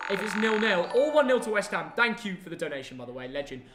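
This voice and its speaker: A young man hosting a live football reaction, chatty and excitable, firing quick questions at his dad. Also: sits high, noisy background. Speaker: host. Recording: echoey room.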